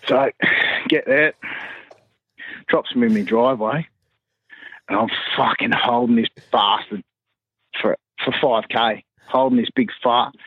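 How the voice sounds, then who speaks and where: A man tells a crude story full of swearing. His voice is husky and a little breathy. The recording is muffled and dry, like a voice message. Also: mid-range voice, a little slow, pauses often, no room sound.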